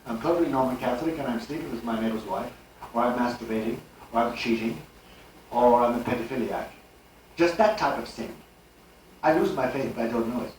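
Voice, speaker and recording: An older man giving a live religious lecture with an animated, rhetorical delivery and chuckling asides. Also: medium pitch, brisk, a little hiss or hum. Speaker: speaker. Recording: old live tape, distant and echoey.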